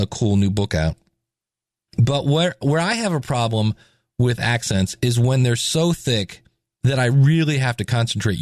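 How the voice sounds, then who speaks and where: A man's voice: medium pitch, no room sound, studio quality. A man hosting a podcast, talking casually and animatedly with jokes and asides. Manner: animated, chatty, joking. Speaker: podcast host.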